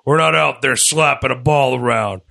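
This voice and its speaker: A man's voice: medium pitch, moderate pace, vocal fry, bright, forceful tone. A man doing a blunt wrestler impression on a casual podcast, talking tough about physical fights.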